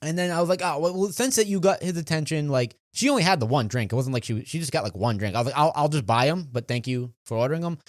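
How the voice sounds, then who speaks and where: A man's voice: on the high side, fast talker, few pauses, dry recording, studio quality. A young man co-hosting a podcast, casually telling a story and acting out other people's lines. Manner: animated, acts out quoted voices. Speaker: podcast co-host.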